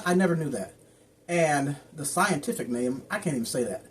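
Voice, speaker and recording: A woman's voice: sits low, animated, moderate pace, a little hiss or hum. Chatty woman rambling about plants. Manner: chatty, rambling, stumbles over plant names. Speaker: plant care vlogger. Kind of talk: casual how-to chat.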